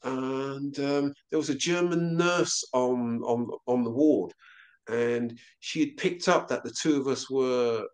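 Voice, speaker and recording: A man telling a personal story as an interview guest, halting and often repeating himself. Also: mid-range voice. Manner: halting, with frequent stammered repeats.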